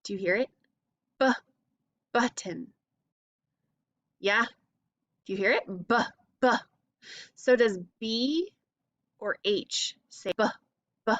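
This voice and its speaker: Woman, kindergarten-style phonics teacher, slow exaggerated letter sounds, dry close recording. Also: a little high, a bit bright, no echo. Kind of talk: phonics lesson for young children.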